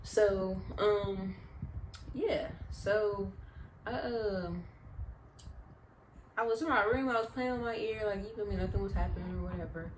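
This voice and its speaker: A young adult woman, a vlogger, telling casual, animated, slang-filled stories in storytime style. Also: medium pitch, measured pace, pauses often, slight background noise, poor audio. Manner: chatty, slangy, animated retelling.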